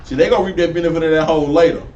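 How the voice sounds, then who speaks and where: A man teaching scripture on the street in a preachy, animated way, full of slang and rising to near-shouts. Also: a little high, racing, muffled recording. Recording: roomy, distant mic with faint noise.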